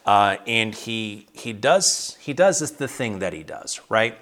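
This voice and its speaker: Man, low-voiced Bible study leader on a video call, casual and chatty, lots of restarts. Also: animated, a little slow, a bit bright. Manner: conversational, many restarts and fillers.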